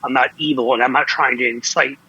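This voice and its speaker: Impassioned husky man, dull lo-fi sound. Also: medium pitch, fairly even intonation, brisk, bright, forceful tone. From Ohio. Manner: impassioned, blunt, stumbling restarts. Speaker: political commentator. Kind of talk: heated political talk.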